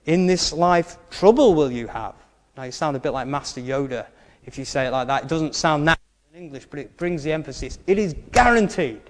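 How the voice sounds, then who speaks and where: A man's voice: mid-range voice, fast, fairly bright tone, in a large hall. A male preacher giving a sermon in an earnest way, stressing his key points and adding wry asides.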